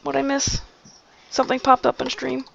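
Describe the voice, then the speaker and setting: A woman acting as game master on a live stream, chatting casually and halting with frequent fillers and restarts. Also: high-pitched, completely flat delivery, gravelly, lo-fi sound, a little hiss or hum. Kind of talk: casual streamed tabletop chat.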